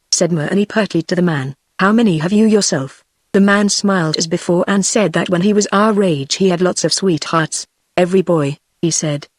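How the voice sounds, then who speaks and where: Tts british lady reading an old book, steady and even, dry close sound. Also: fairly low pitch, no echo. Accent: British English. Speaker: narrator. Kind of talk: text-to-speech audiobook reading.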